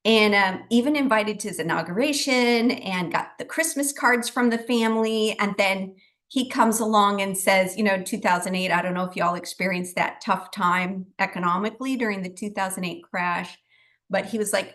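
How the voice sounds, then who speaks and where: A middle-aged woman, a guest psychic medium, telling her story in a lively, chatty way, laughing often and acting out what she said back then. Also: a little high, normal speed. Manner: animated, chatty, laughs often, acts out her own past words. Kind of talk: casual storytelling in a talk show interview.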